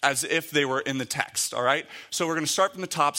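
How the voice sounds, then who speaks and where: A man's voice: on the high side, brisk, pushed and bright. A man giving a conversational sermon, reading scripture aloud and explaining it with frequent fillers. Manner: conversational, with many fillers and restarts. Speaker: preacher.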